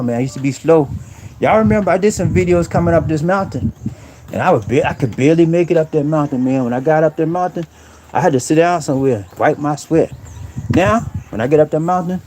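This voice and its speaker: A middle-aged man with a slightly high, mellow voice chats bluntly on a live stream from outdoors in a rural area, calling out to viewers in slang. He comes across as preachy and direct, and a little hiss or hum is audible.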